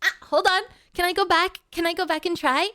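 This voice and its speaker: A woman's voice: extremely high pitch, fairly even intonation, a little fast, bright, forceful tone. A woman streamer chatting casually with her live chat, playful and melodramatic, often pleading with viewers.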